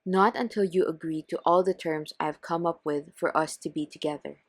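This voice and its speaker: A woman voicing a betrayed husband in a scripted text-story reading, firm and measured. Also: deep voice, fairly even intonation, no echo, clean studio sound, voice pushed down. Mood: stern. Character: stern, betrayed husband and father.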